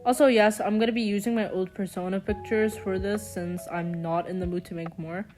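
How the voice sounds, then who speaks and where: A woman's voice: medium pitch, fairly even intonation, a little fast, a little mellow, soft background music. Chatty young woman with sarcastic asides. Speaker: commentary vlogger. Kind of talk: casual voice-over commentary.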